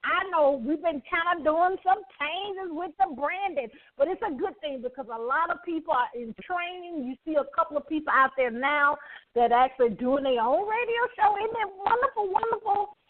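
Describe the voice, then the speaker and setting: A woman's voice: high voice, lively intonation, normal speed. A woman with a Southern US accent hosting an inspirational radio show, exuberant and preacherly, tossing call-and-response questions to her listeners. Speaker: radio host. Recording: tinny phone-like line.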